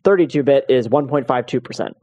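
A man's voice: medium pitch, quick pace, warm tone, muffled recording. A man co-hosting a casual tech podcast, reading out stats in a dry, matter-of-fact way. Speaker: podcast co-host.

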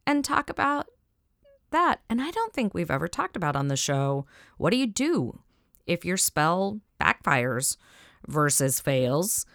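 A woman with a Southern US accent co-hosting a podcast, chatting in an animated way, laughing often and trailing off mid-sentence. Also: lowish voice, measured pace, dry recording, studio quality. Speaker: podcast co-host. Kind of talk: casual chat about witchcraft practice.

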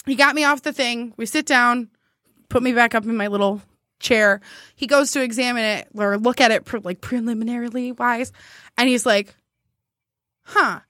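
A woman's voice: a little high, steady tone, normal speed, a bit bright, no room sound, clean studio sound. A young woman casually telling a personal story on a podcast, laughing often and acting out what others said. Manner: acts out quoted people in livelier voices.

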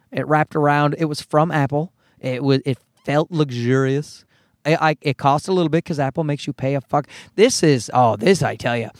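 A man's voice: fairly high pitch, no echo, studio quality. A middle-aged man from Canada doing a casual, sarcastic ranting monologue to viewers, full of swearing and mocking put-on voices. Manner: sarcastic, profane, mock voices for quotes. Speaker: vlogger.

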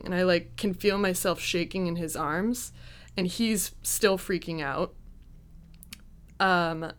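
A young woman with a smooth, clear voice and a slightly low pitch tells a personal story in a chatty, casual way. She laughs easily at her own mishaps and acts out what people said. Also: a bit bright. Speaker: guest telling a personal story.

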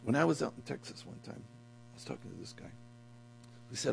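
A man preaching a sermon to a men's breakfast in a church hall, telling stories dramatically and swinging from quiet talk to loud cries. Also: mid-range voice, lively intonation, fairly quick, creaky, a little hiss or hum.

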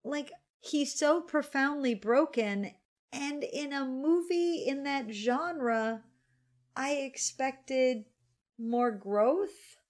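A woman's voice: high-pitched, very slow. A woman in her forties hosting a casual podcast chat over wine, candid and grumbling, swearing freely. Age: 40s. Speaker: podcast co-host.

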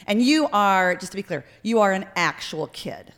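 A woman hosting a comedy podcast, animated and jokey in her banter. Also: medium pitch, moderate pace. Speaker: host.

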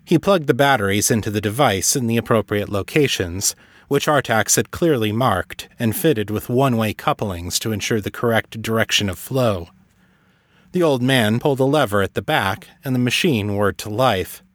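A man narrating a fantasy story in a measured, even way. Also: on the low side, no room sound. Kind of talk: scripted audiobook narration.

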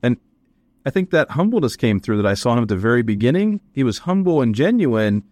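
A man's voice: medium pitch, sing-song, a little fast, a little mellow, dry recording. A man co-hosting a podcast, reflecting on and summing up what he heard. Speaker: podcast co-host. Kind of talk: casual podcast chat.

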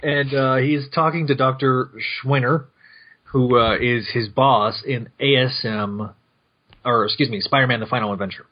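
A man's voice: medium pitch, fairly even intonation, moderate pace. A man hosting a podcast, recapping a comic in casual, rambling chat that corrects itself and often breaks into laughs. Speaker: podcast host. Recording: muffled lo-fi podcast mic.

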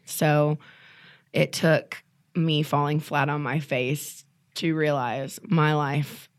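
A woman's voice: sits low, little pitch movement, slow, smooth. A young woman in a candid podcast interview, talking casually with lots of "you know" and "like.". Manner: casual, chatty, many fillers like "you know". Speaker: guest, program alumna.

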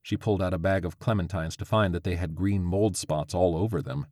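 A man narrating a story with a steady, even reading. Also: deep voice, brisk, no room sound, clean studio sound.

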